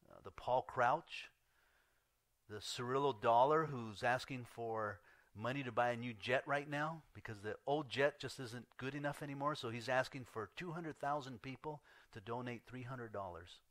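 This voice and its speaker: A male pastor preaching a sermon in an earnest way, swinging between loud emphasis and hushed asides. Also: medium pitch, moderate pace, no room sound.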